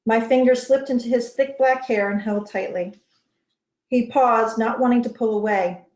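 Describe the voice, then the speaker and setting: A woman's voice: fairly high pitch, steady tone, moderate pace, darkish tone. Woman reading a novel aloud, roomy. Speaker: author reading her novel. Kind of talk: first-person novel reading. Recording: roomy echo.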